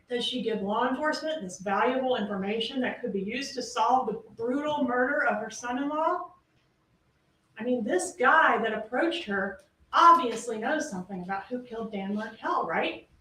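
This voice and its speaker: An emphatic woman prosecutor delivers a closing argument to a jury in a courtroom, questioning rhetorically. Her voice is fairly high, bright and forceful. The audio is roomy and distant with a faint hiss.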